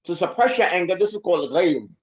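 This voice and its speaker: Animated man teaching in a mosque. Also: sits high, very fast, echoey room. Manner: animated, acts out angry people, shifts between Arabic and English. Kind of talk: bilingual Arabic-English lesson. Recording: dull lo-fi recording.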